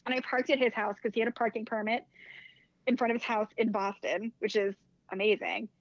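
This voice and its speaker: A woman, fairly high-voiced, tells a personal story in relaxed conversation. She speaks animatedly, peppers her sentences with "like" and slips into the voices of the people she quotes. The sound is dry and close, with a dull, lo-fi band. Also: fairly quick, no room sound. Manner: animated, acts out quoted dialogue, heavy use of "like". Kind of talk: casual storytelling chat.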